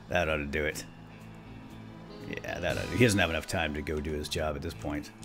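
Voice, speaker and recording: A man's voice: rumbling low, fairly even intonation, moderate pace, over music. A man chatting his way through a video game as a let's play host, talking to himself and chuckling often. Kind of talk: gameplay commentary.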